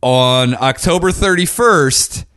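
A man's voice: a little high, slow pace, a bit bright, no echo, studio quality. A man co-hosting a podcast, swearing and laughing through crude comedic banter. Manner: swears freely, laughs often, slips into mock voices. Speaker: podcast co-host.

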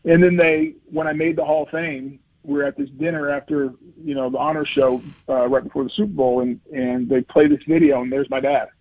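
Man, 50s, earnest guest storyteller, husky voice, dry tinny line. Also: on the high side, fairly quick, few pauses, no echo. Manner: earnest, animated storyteller with many restarts. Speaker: interview guest, former football lineman. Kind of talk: conversational interview storytelling. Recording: dry, phone-like radio line.

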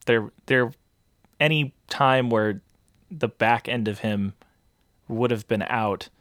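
A man's voice: medium pitch, slow pace, dry recording. Dry-sounding man hosting a podcast. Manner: thoughtful, hesitant restarts, steady explaining. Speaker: podcast host. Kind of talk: casual podcast chat.

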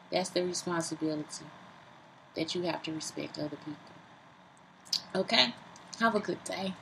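A woman talking casually and profanely into her phone camera, lively, self-mocking and rambling. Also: fairly low pitch, gravelly, a little hiss or hum, rough recording. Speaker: vlogger. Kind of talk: casual vlog monologue.

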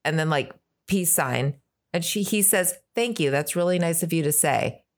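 A woman's voice: deep voice, normal speed. A woman co-hosting a podcast, telling a gossip story in casual chat and voicing text messages as she reads them out. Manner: retells text messages in animated voices. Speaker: podcast co-host.

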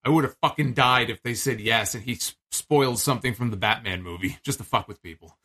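A man's voice: medium pitch, a little fast, bright, forceful tone. A man casually recapping a wrestling show for his podcast, rambling and chatty, with plenty of fillers and the odd swear.

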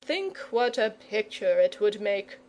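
A woman's voice: mid-range voice, sing-song, measured pace, darkish tone. A woman voicing a frank, pleasant, patient male knight in a storybook reading. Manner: frank and persuasive.

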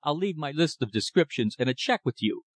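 A man's voice: on the high side, animated, dry recording, clean studio sound. A man doing a pompous, blustering lumberman. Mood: agitated. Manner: deliberate, commanding, snappish.

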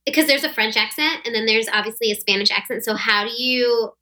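Bright, chatty young woman podcast host. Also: a little high, fast talker. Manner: chatty, curious, lots of "like". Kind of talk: casual conversational interview.

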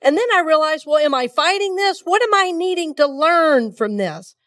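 This Georgia minister's high, expressive voice is a bit bright and moves at a moderate pace, heard from a distance. Though congested from a cold she hasn't shaken, she preaches conversationally and leads the room in call-and-response.

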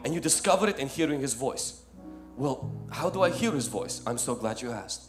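A male pastor preaching a sermon, swinging from loud emphatic lines to soft ones and calling listeners "my friend". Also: medium pitch, animated, normal speed, over music.

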